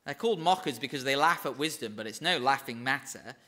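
A man's voice: medium pitch, lively intonation, a little fast, sharp tone. A man with a Northern English accent preaching a sermon in an earnest, conversational way, with wry asides.

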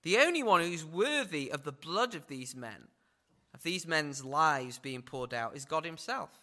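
A man's voice: fairly high pitch, expressive, unhurried, sharp tone. A man preaching a sermon in a conversational way, often adding tag questions.

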